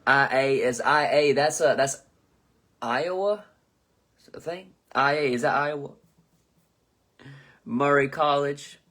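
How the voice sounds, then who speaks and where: Bright-voiced young man riffing loosely. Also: medium pitch, slow, pauses often. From southern United States. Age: 20s. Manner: loose, profane, joking, stumbles over names. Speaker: host. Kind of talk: live-stream comedy chat reading comments.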